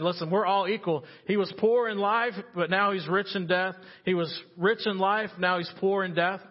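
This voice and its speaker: A male preacher delivering an animated sermon in a fairly high, husky voice. He swings between loud emphasis and hushed earnestness. The recording is dull and muffled. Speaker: pastor.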